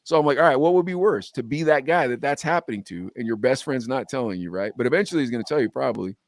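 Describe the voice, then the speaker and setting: A young adult man hosting a podcast, telling a story with animated quoted dialogue in casual chat. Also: mid-range voice, quick pace, no echo, clean studio sound. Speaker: podcast host.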